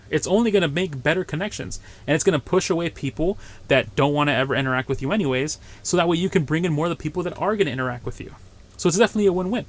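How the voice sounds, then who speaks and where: A man hosting his own marketing show, giving solo instructional talk in a coaching tone that keeps checking in with "right?" and "okay?", and lifting his voice to stress key points. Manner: punches up key points with louder, higher bursts. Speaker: marketing podcast host.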